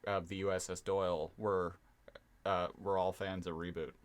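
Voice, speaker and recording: A man co-hosting a podcast, recapping a show in a relaxed, deliberate way with some hesitation. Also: low-pitched. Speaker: podcast co-host. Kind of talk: casual chat, recapping an episode.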